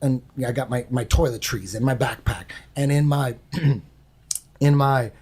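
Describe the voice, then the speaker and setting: A man's voice: mid-range voice, measured pace, a little mellow, breathy edge. A man telling a long story on a podcast in a casual, rambling way, swearing often and repeating himself. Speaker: podcast guest.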